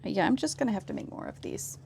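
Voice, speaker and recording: Low-key woman streamer chatting while crafting. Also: fast, vocal fry, a little hiss or hum. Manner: low-key, even delivery that viewers call monotone; thinks aloud and answers chat. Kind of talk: casual chat while crafting on a live stream.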